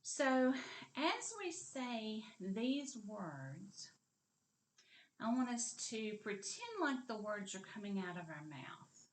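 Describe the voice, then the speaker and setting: A woman's voice: fairly high pitch, sing-song, takes it slowly. A woman teaching a kindergarten literacy lesson, coaxing children along in an encouraging sing-song voice and dropping to a whisper for parts of words. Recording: echoey room.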